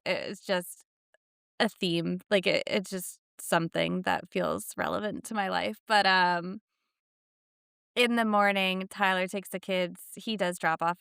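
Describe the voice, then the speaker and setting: Woman podcast co-host, smooth clear voice, dry close sound, lively storytelling. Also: on the low side, dry recording. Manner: animated storytelling with acted-out quotes. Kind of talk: casual chat.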